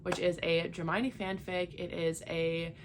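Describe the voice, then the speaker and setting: Young woman rambling about books she read, lowish voice, super casual and chatty. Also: level tone, measured pace, noisy background. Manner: chatty, many "like" fillers, laughs easily. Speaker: book vlogger. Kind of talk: casual reading vlog chat.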